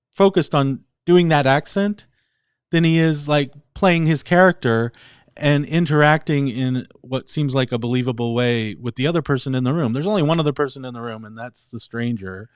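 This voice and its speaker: A man's voice: fairly high pitch, moderate pace, smooth, dry recording. Man cohosting a podcast, picky and critical, lots of likes, dry close sound. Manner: critical, hedging with many fillers. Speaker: podcast co-host. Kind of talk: casual critical chat.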